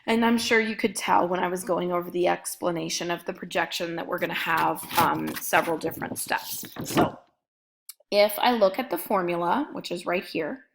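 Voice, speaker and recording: A woman's voice: on the low side, normal speed, gravelly. A woman math instructor giving a recorded lecture, methodically talking through each step as she writes it out.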